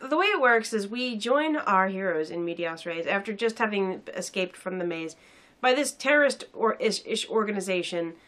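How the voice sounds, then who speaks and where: A woman's voice: medium pitch, lively intonation, normal speed, fairly bright tone. A young woman casually reviewing a film in a sarcastic, rambling way with many fillers.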